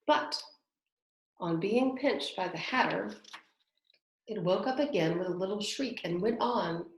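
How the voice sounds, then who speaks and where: A woman narrating a children's classic as a storybook reading, quiet and even. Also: mid-range voice, measured pace, slight background noise. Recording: roomy echo.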